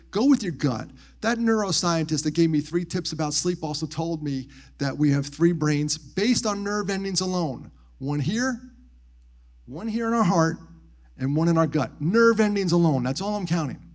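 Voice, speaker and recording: A man with a slightly high-pitched voice speaks to a live audience at a military base. He tells personal stories with animated energy, jumping up in pitch to act out the people he quotes. Then he drops to soft, hushed tones on grief. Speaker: motivational speaker. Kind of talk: live storytelling talk on suicide prevention.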